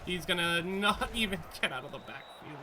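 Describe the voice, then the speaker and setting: A man giving excitable let's-play commentary on a football video game, reacting aloud to each play. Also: sits high, normal speed, slight background noise. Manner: excitable, talks back to the game. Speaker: gaming YouTuber.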